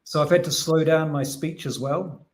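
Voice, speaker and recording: A man from New Zealand with a mild New Zealand accent, talking fast and chatty as a podcast guest. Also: a little high, steady tone. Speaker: guest analyst. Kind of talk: casual podcast conversation.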